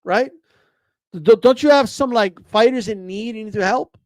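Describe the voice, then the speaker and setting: On a casual livestream, a Texas man rants profanely about boxing, tripping over restarts and fillers while mocking others in quoted voices. His voice sits high, he talks at normal speed, and the recording is dry.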